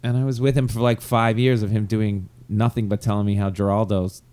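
A man's voice: on the low side, a little fast, clean tone. A man hosting a casual comedy podcast, telling stories and acting out the people he quotes. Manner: animated storyteller, acts out quoted voices.

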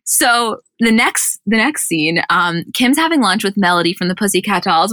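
A woman's voice: medium pitch, expressive, fairly quick, few pauses, bright, forceful tone, no echo, studio quality. A woman co-hosting a casual recap podcast, chatty and rambling, acting out quotes and laughing often. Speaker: podcast co-host.

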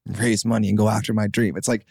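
A young man in his twenties tells his story as a podcast guest, his low voice rough with vocal fry. He talks casually and animatedly, acting out what other people said. The close mic sounds dry. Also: quick pace, no echo. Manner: animated, acts out quotes, many fillers. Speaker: podcast guest, singer-songwriter.

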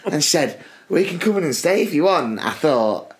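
A British man spins a long personal story on a casual podcast, laughing his way through it. His voice sits a little high for a man, and he acts out the other people in the tale. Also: fairly quick, noisy background. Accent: British English. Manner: laughing, animated anecdote telling. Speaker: podcast co-host.

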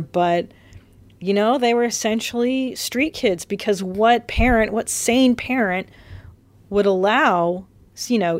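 A woman's voice: medium pitch, no room sound. Chatty, rambling woman podcaster, dry sound. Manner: rambling, chatty, swearing, fillers and restarts. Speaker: podcast host. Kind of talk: casual solo podcast monologue. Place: hotel room.

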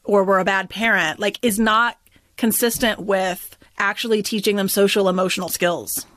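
A woman's voice: medium pitch, steady tone, normal speed, a bit bright, no room sound. Woman podcast host, chatty and loose, dry close recording. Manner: chatty, peppered with "like". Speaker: parent. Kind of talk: casual podcast chat.

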